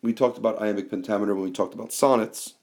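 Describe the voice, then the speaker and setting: A man teaching a class in a screencast, explaining slowly with fillers and reading quoted lines aloud. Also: fairly low pitch, steady tone, darkish tone. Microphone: tablet microphone.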